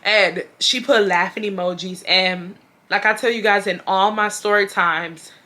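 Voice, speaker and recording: A woman's voice: mid-range voice, measured pace. A young woman from Houston with a Texas accent, telling a story to camera in a casual, slangy, profane way and acting out the quotes. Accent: Southern US, Texas. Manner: animated, profane, slangy, acts out quotes loudly. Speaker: storytime vlogger.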